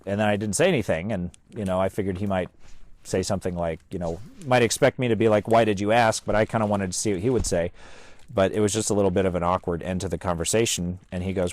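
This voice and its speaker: A man casually telling a story about his outdoor research, halting and full of "uh" and "you know". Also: deep voice, steady tone, a little mellow. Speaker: bigfoot researcher vlogger.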